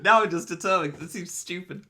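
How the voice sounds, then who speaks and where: A man's voice: sits high, fast talker, bright, forceful tone. A young man streaming a game, chatting casually with his viewers, joking and laughing often at himself. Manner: laughs a lot, joking, self-mocking. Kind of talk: casual live-stream chat.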